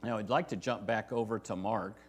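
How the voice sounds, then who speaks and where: A man's voice: on the low side, fairly even intonation, brisk. A man preaching a verse-by-verse sermon as pastor, talking to the congregation in a conversational way and often asking "right?". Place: church sanctuary.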